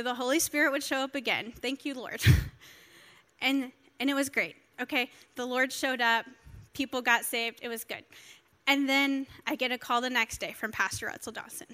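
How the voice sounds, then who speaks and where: Bright, high-voiced woman pastor preaching. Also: a little fast. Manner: animated storytelling, quoting others, emotional. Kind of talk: sermon. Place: church.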